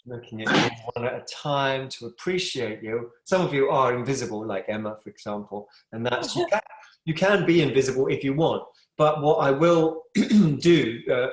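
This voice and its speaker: Teaching yoga live over a video call, a middle-aged man rambles in a chatty, affectionate way from a room in his home that has a wood stove. His voice is medium-pitched and the sound is roomy.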